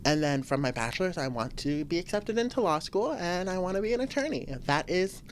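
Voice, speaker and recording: Low-voiced woman venting on a podcast. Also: brisk, slight background noise. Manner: animated, venting, laughs often, swings to high exclamations. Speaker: podcast host. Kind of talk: casual solo podcast rant.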